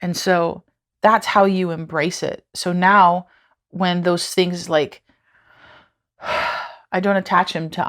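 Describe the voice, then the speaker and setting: A woman's voice: on the low side, fairly even intonation, slow pace, long pauses, a bit bright. Earnest woman giving a devotional talk. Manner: earnest, conversational, repeats phrases for emphasis. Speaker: devotional teacher. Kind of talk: devotional teaching.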